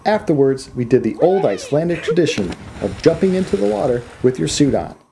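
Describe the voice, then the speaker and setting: A man's voice: a little high, very animated, brisk, creaky, noisy background. An American man narrating his travel vlog with wry, self-mocking humor. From United States. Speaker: travel vlogger.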